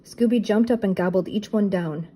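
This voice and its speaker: Mellow-voiced woman reading a storybook. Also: medium pitch, normal speed, a little hiss or hum, rough recording. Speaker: storybook reader. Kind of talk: reading a children's book aloud.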